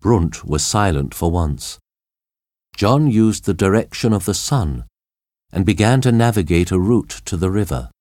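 A man narrating a storybook in a measured, expressive way. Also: sits low, dry recording, studio quality.

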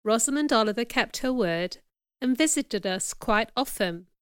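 A woman reading a first-person audiobook chapter as narrator, in clear, measured storytelling. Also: a little high, animated, dry recording, studio quality.

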